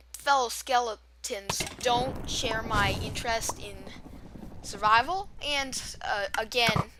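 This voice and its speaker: A woman's voice: a little high, noisy background. A woman doing voice-over commentary on her gameplay, rambling and poking fun at herself with restarts and fillers. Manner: rambling, self-mocking, with frequent restarts and fillers. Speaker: gaming channel host. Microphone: new desktop microphone.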